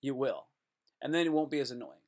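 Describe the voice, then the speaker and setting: A man's voice: mid-range voice, sing-song, fast, darkish tone. A man talking to his viewers in a rambling casual monologue, joking around and cutting himself off. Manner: jokey, self-interrupting, slips into playful put-on voices.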